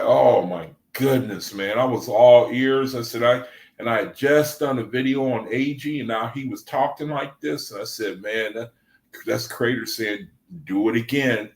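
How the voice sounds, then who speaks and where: Man talking loosely in an echoey room. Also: medium pitch. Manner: loose and conversational, often adds "man"; reads scripture passages aloud between remarks. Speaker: Bible study group leader. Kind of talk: casual livestream scripture talk. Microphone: desk microphone.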